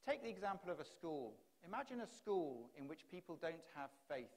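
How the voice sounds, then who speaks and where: A man's voice: on the high side, sing-song, brisk, darkish tone. Man giving a rhetorical keynote speech. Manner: rhetorical, repeated questions. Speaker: conference speaker. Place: conference hall.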